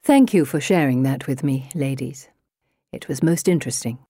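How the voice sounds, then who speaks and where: A woman's voice: a bass voice, lively intonation, normal speed, dark tone, breathy edge, no room sound, clean studio sound, pitched below the performer's own voice, full character voice. A woman voicing a prim, composed teacher who speaks formally.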